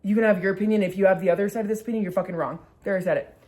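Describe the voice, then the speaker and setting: A woman's voice: medium pitch, fairly even intonation, very fast, darkish tone. A woman in her twenties tells a story in a casual, chatty way, swearing freely and saying "like" a lot. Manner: chatty, profane, heavy use of "like". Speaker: vlogger.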